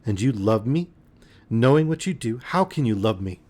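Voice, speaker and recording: Male reader doing a desperate young woman in love; pleading, voice breaking, pitched up. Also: animated, normal speed, a little mellow, natural voice. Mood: anguished.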